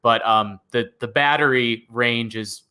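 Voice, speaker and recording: A man's voice: mid-range voice, steady tone, a little slow, bright, forceful tone, clean tone. A man co-hosting a casual car news live stream, rambling through his points with lots of filler words. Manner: rambling, heavy on filler words like "like" and "you know". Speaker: co-host of a car news show.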